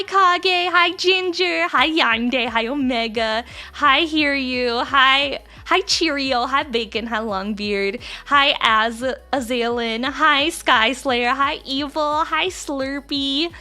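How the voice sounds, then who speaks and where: Young woman streamer, high bright voice, teasing casual chat, faint music behind. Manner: playful, teasing, laughs often.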